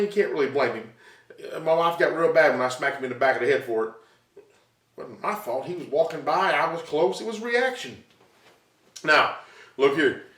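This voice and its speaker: A man doing stand-up comedy from his living room, telling stories with sound effects and asides to the audience. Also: on the high side. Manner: animated storytelling, sound effects, talks to audience. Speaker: stand-up comic. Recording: roomy echo, mic at a distance.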